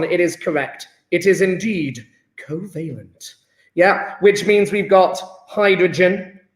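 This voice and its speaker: A man teaching a chemistry lesson online, chatty and enthusiastic, praising students by name. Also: sits high. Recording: roomy echo.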